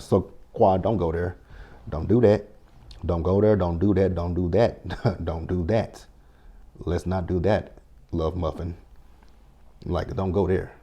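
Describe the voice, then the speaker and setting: Here a man speaks in a low, warm voice, though the high frequencies are cut off. It's a casual recap of a reality show, delivered with sass and bluntness, full of profanity and his own quoted reactions.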